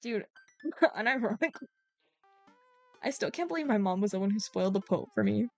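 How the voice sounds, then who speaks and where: A young woman streaming a dating game, reading the dialogue and breaking off to chat. She is giggly and scattered, hopping between topics at a middling pitch, with faint music playing behind her. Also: expressive, fairly quick, gravelly, no echo.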